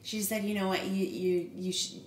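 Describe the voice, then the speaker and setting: A woman's voice: medium pitch, level tone, normal speed. Candid woman in an echoey room. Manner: candid, emotional, acts out quoted dialogue. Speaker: podcast co-host sharing her story. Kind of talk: casual chat. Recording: echoey room with faint noise.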